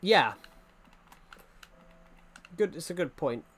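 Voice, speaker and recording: A young Englishman with a higher-than-usual male voice chats casually with viewers while gaming. His tone is fairly bright and husky, his intonation lively, and he takes his time, rambling between points with repeats and restarts.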